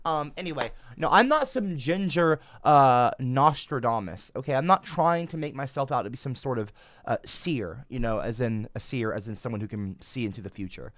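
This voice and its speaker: Male streamer, defensive rambler who swears freely; bright, dry close-mic sound. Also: medium pitch, lively intonation, moderate pace, no room sound. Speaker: livestreamer. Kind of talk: casual livestream rant.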